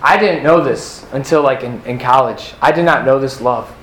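A man's voice: mid-range voice, normal speed, fairly bright tone. Earnest young man, echoey room. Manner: earnest, personal testimony with many fillers. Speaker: retreat speaker. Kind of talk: faith talk to a youth audience. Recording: echoey room with faint ambience.

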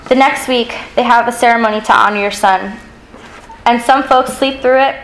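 A woman telling a dramatic story in the second person, earnest and suspenseful, slowing down at the heavy moments. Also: a little high, fairly even intonation, low-quality recording.

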